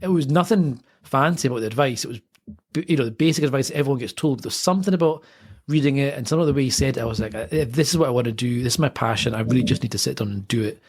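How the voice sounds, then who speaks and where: A man in his thirties talks through his story fast, circling back and correcting himself mid-sentence. His voice has a slightly husky edge. He has the loose, animated manner of an author in a casual interview. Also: mid-range voice. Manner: rambling, self-correcting, animated anecdotes. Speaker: author, podcast guest.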